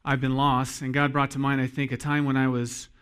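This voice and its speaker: A man in his forties, a pastor preaching a sermon to his congregation in an earnest storytelling manner, pausing for emphasis. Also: medium pitch, flat delivery, fairly bright tone, clean tone. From Iowa.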